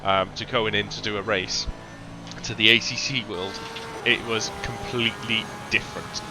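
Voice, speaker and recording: A man commentating a sim racing stream in a relaxed, chatty way, with lots of ums and restarts. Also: on the low side, normal speed. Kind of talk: casual live-stream commentary. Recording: noticeable background noise.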